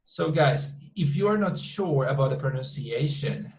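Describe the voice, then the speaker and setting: A man's voice: a little high, animated, normal speed, a little mellow. Man teaching in an echoey room. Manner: repeats words and restarts often, explains patiently. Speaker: English teacher. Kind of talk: online class lesson.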